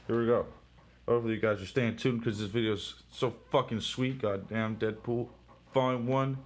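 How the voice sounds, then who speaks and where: A young man casually paging through a comic, talking in an excitable, profane, rambling way with shouted sound effects. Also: medium pitch. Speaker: comic book reviewer.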